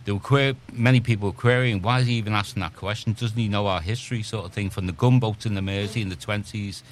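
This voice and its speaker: A man joining a radio chat from away from the microphone, speaking in a hesitant, halting way. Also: lowish voice, steady tone. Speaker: radio contributor.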